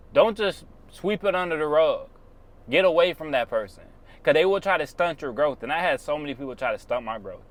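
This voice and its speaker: A man's voice: fairly high pitch, a bit bright. A man on his own channel giving blunt, preachy motivational advice in casual, slangy speech. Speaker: YouTuber.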